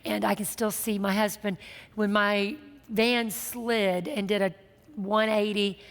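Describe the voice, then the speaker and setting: A middle-aged woman minister and show host, telling a story from her life in a lively, laughing, self-mocking way. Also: medium pitch, measured pace, in a large hall. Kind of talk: storytelling testimony in casual chat.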